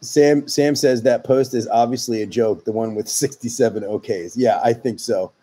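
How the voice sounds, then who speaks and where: A man's voice: medium pitch, steady tone, moderate pace, dark tone, husky. A man hosting a podcast, reading listener posts aloud in a laid-back way. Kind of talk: casual podcast banter.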